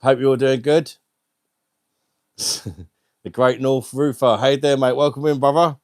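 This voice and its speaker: This is a young man hosting a live stream at home, speaking into a wireless mic. He is chatty and laughs often as he welcomes viewers by name. His voice sits at a middle pitch, and the sound is dry and close, with no room echo. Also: steady tone, a little slow. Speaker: livestream host. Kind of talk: casual live stream chat.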